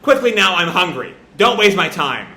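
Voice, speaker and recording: Man doing a brash young hawk gang leader, loud and bossy, bright voice, roomy echo. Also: high voice, sing-song, normal speed, exaggerated voice.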